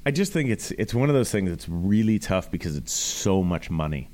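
A man hosts a relaxed radio chat with a low, somewhat rough voice, since a cough is going around. He laughs easily and gets animated. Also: normal speed. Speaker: radio show host.

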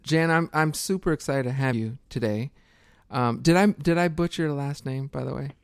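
A man's voice: mid-range voice, moderate pace, clean tone, no room sound. A young man co-hosting a podcast interview, friendly, tripping over words and laughing easily. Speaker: podcast co-host.

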